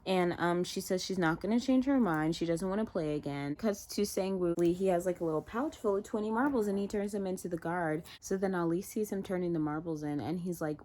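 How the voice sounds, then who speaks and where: Woman, lower-pitched voice, chatty show recap vlog, loose and animated, lots of "like". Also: fairly quick, hardly any pauses. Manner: chatty, heavy use of "like", animated retelling. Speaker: TV show reviewer. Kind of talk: casual recap and reaction.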